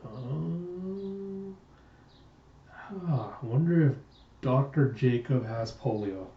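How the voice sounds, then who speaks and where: A man casually reading through a comic and chatting about it with relaxed asides. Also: mid-range voice, measured pace, a little hiss or hum. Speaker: comic readthrough host. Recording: roomy, distant, dull lo-fi sound.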